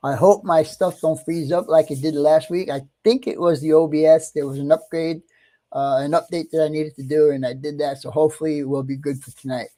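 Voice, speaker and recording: A middle-aged American man hosting a casual livestream, chatty and easygoing, greeting viewers one by one and clearing his throat often. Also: fairly high pitch, fairly even intonation, a little fast, warm tone. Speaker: livestream host.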